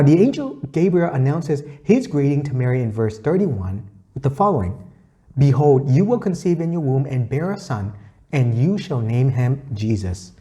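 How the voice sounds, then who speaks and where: A man's voice: a little high, dark tone. A man giving a weekly gospel reflection, earnest and teacherly, quoting scripture and repeating his key points. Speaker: faith reflection speaker.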